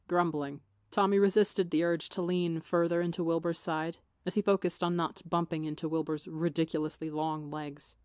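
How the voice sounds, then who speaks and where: A woman with a slightly gravelly voice, narrating a fan fiction story in a steady audiobook reading. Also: on the low side, normal speed, dry recording, clean studio sound. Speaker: podcast fiction reader.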